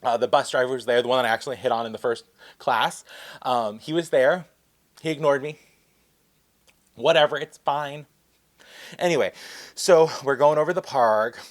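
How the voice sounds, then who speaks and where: A man vlogging a story time in a chatty, excitable, rambling way. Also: medium pitch, normal speed, pauses often.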